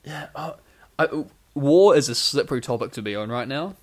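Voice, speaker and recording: On a podcast recorded through a home microphone on a stand, a male co-host chats casually at a moderate pace with a medium-pitched, animated voice. Drowsy from sleep medication, he rambles with plenty of fillers and restarts.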